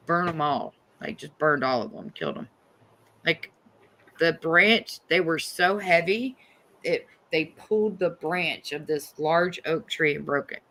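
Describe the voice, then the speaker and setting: A middle-aged woman hosting a livestream, telling a story in a casual, animated and profane way. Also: low voice. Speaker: livestream host.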